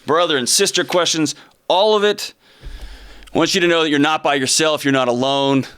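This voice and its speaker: Lively, joking male talk show host. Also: on the high side, moderate pace, clear, resonant tone. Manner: animated, joking, sarcastic asides. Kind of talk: energetic talk show monologue. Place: studio. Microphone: close studio mic.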